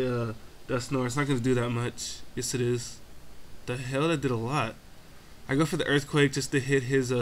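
A man's voice: medium pitch, slight background noise. A young man doing casual game commentary, giving play-by-play full of profanity, exasperated grumbling and self-mocking asides. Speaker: gaming commentator.

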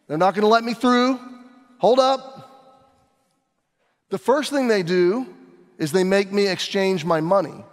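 A man's voice: high voice, big-room sound. A male pastor preaching a sermon, telling the story dramatically as if living through it himself. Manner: dramatic storytelling, acting out scenes.

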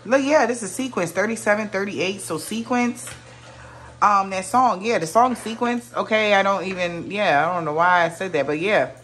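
A woman's voice: mid-range voice, normal speed, fairly bright tone, slight background noise. A woman giving a casual tarot reading to her viewers, musing aloud, often exclaiming and trailing off mid-sentence. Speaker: tarot reader.

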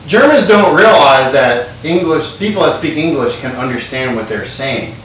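A man's voice: a little high, animated, moderate pace, few pauses, fairly bright tone, slight background noise. A man hosting a comedic home cooking show, rambling and swearing as he cooks after a few drinks. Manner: rambling, profane, tipsy banter while cooking. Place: home kitchen. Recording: very echoey kitchen, far from mic.

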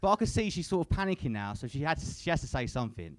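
A young man works a comedy club crowd with crude, profane stand-up. His voice sits a little high for a man and swings widely in pitch. He drops in a casual "innit" after his lines. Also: sing-song, very fast. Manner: crude, swears a lot, tag questions like "innit". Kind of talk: live stand-up set.

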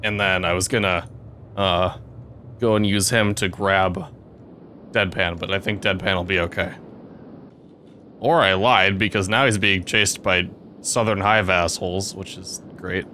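Low-voiced man reacting loudly to a game. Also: measured pace, long pauses, a little hiss or hum. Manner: swears often, excitable reactive outbursts. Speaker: let's play host. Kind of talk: gameplay commentary.

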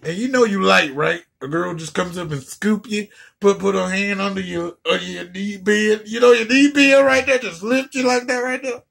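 A man's voice: high-pitched, steady tone, normal speed, gravelly, a bit bright. A man doing a profane comedic rant, stammering and repeating words as he goes.

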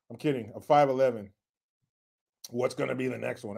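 A man's voice: medium pitch, moderate pace, vocal fry, a little mellow. A man from Central California, hosting a livestream, chatting in a crude, joking way and reading out viewer comments. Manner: crude, joking, laughs often. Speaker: livestream host.

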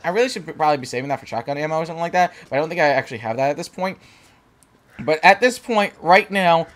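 A young man giving rambling, chatty let's play commentary as a gaming channel host, talking back to the game's characters and reacting to scares. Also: fairly high pitch. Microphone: desk microphone with facecam.

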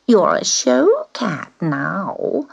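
A woman voicing a haughty female show cat in a storybook reading, speaking in a sneering, drawn-out, scornful way. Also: high-pitched, huge pitch swings, over loud music, voice pushed up, full character voice.

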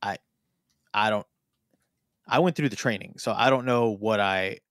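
A man's voice: fairly low pitch, measured pace, fairly bright tone, no room sound, studio quality. A man co-hosting a live improvised comedy stream, hesitant and full of fillers and restarts, talking into a desk mic. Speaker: co-host.

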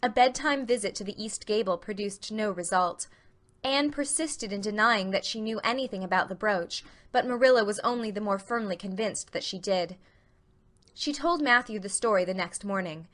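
A woman narrating a dramatic audiobook reading with clear, expressive storytelling. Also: medium pitch, normal speed.

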